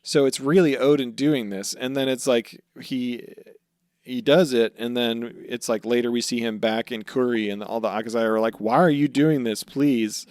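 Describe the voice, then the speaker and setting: A young man co-hosting a podcast, casually recapping anime episodes with lots of swearing and quick character voices. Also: medium pitch, steady tone, darkish tone, clean tone, no echo, clean studio sound. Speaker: podcast co-host.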